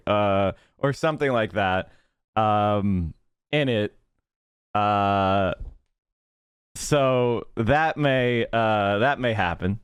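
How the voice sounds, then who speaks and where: Guy ranting a story to chat, lowish smooth voice, cursing a lot, close dry mic. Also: drawn-out words, pauses often, no echo. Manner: swearing, animated, acts out quotes. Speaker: streamer telling a story.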